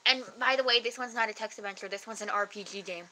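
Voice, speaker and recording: A woman's voice: mid-range voice, pushed and bright, slight background noise, low-quality recording. A woman, joking around playfully in a casual chat at home. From Canada. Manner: playful, joking, quick to laugh. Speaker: guest on a livestream chat.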